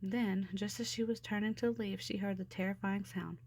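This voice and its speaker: A woman's voice: medium pitch, fairly even intonation, moderate pace, a little mellow. Woman reading a storybook aloud. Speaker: storybook reader.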